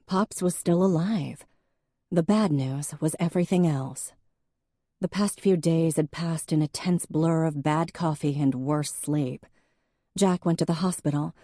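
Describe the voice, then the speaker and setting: Low-voiced woman narrating an audiobook. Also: warm tone, no echo, studio quality. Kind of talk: scripted narration.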